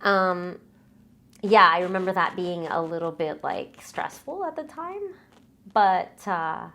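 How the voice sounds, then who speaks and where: A young woman singer being interviewed in a casual chat. She recalls stories hesitantly and laughs softly. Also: lowish voice, expressive, measured pace, creaky. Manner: hesitant, many fillers and restarts, soft laughs.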